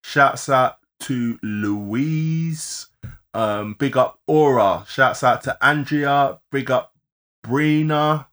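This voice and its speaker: A man co-hosting a live-streamed podcast, rattling off listener shout-outs and laughing often. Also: mid-range voice, drawn-out words. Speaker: podcast co-host.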